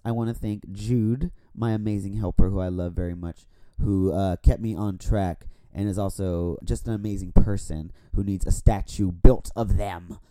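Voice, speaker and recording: Tipsy and rambling, this podcast host keeps the chat casual and full of swearing. He has a low-pitched, mellow voice, and the borrowed studio mic gives a dry recording.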